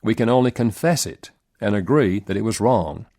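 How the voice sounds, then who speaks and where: A man reading a relationship self-help audiobook in a measured, earnest narration with lively rises in pitch.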